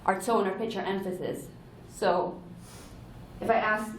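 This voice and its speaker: A woman's voice: medium pitch, normal speed, darkish tone, recorded from a distance, slight background noise. A woman giving an earnest, explanatory conference talk to a room, sometimes correcting herself mid-sentence. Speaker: conference speaker. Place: large conference hall. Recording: echoey hall, heard from afar.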